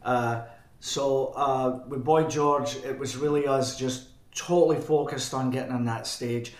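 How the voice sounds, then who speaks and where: Man, Scottish accent, chatty storyteller, self-correcting, middle pitch, echoey room. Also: fairly even intonation, unhurried. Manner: rambling, self-correcting, chuckling. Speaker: band frontman, guest. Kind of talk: anecdotal storytelling. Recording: roomy echo.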